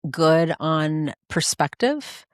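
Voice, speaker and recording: Low-voiced woman hosting a podcast. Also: drawn-out words, no room sound, studio quality. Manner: expressive storyteller, acts out quoted dialogue. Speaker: podcast host. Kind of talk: conversational interview.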